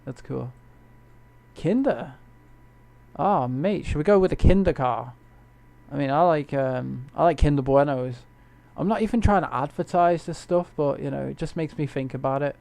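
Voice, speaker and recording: A man's voice: a little high, moderate pace, vocal fry, darkish tone, no echo. A man chatting casually to viewers while he streams a racing game at home at night, rambling and joking as he plays. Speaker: gamer streaming gameplay. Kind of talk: casual live-stream commentary.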